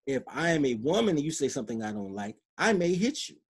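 Blunt, husky-voiced man. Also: fairly high pitch, big pitch swings, fast talker. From Chicago. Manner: blunt, emphatic, street-casual. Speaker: podcast guest. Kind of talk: opinionated interview talk.

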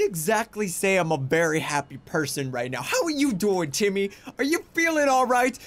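Young male gaming YouTuber, high pitch, exasperated running commentary. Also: very animated, unhurried, fairly bright tone, shouting. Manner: frustrated, exclaiming, rambling self-talk. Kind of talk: let's play commentary.

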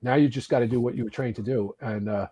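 A man in his early sixties from the United States, a podcast guest telling firefighting stories casually, animated and swearing, with frequent restarts. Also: mid-range voice, fast, husky. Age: 60s. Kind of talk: casual storytelling.

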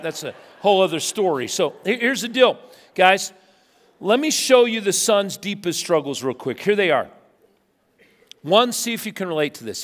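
Animated man preaching in a reverberant hall. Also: high-pitched. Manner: animated storytelling, acts out quotes. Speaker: pastor. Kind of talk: sermon. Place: church sanctuary.

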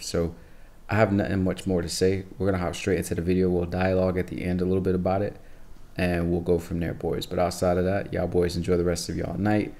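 A man's voice: sits low, level tone, fast, mellow. A tired young man hosting his channel, talking laid-back to viewers with lots of fillers. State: tired, low energy. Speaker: channel host. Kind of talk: casual video intro.

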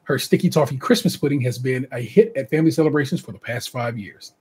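A man's voice: mid-range voice, quick pace, a little mellow, husky. A man hosting a casual podcast, reading out contestant bios and breaking off for chatty asides and laughter. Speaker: podcast host.

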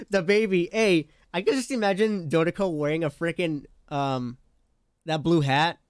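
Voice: mid-range voice, unhurried, smooth, no echo, studio quality. A live streamer chatting casually with chat, laughing often and talking in playful slang.

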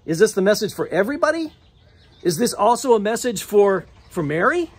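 A man's voice: high-pitched, big pitch swings, fairly quick, slightly rough. A middle-aged male pastor preaching a sermon in a church, telling the story with restarts and acting out the quoted lines. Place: church sanctuary.

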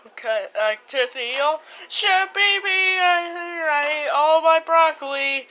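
A woman voicing every character in a homemade comedy skit, mumbling some lines and shouting others. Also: high-pitched, unhurried, hardly any pauses, slight background noise. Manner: switches between mumbling lines and sudden shouting. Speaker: amateur puppet-movie maker voicing all characters.

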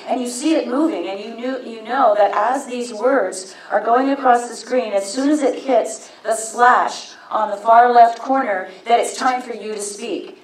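A woman's voice: fairly high pitch, normal speed, hardly any pauses, recorded from a distance. Chatty woman in an echoey convention hall. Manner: chatty, wry, explains things at length. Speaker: voice actress on a convention panel. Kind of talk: casual anecdote to a crowd. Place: convention panel room.

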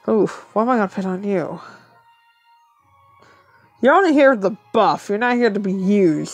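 A woman's voice: medium pitch, expressive, moderate pace, creaky, dry recording, soft background music. A woman thinking aloud as she plays a mobile game, muttering to herself and laughing often in casual commentary.

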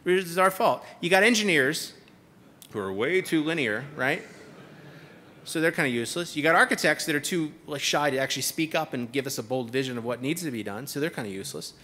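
A man's voice: on the high side, animated, brisk, sharp tone, a little hiss or hum. A man giving a comedic keynote speech on a conference stage, with a sarcastic, punchy delivery and repeated punchlines. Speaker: keynote speaker.

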